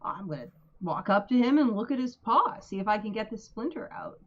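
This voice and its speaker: Female player, bubbly, sudden squeaky highs; slightly muffled recording. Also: expressive, a little fast. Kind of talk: playing a tabletop game, in character and out.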